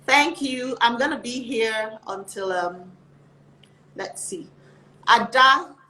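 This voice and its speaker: Bright-voiced woman host, echoey room. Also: a little high, lively intonation, slow, a little hiss or hum. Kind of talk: casual interview chat.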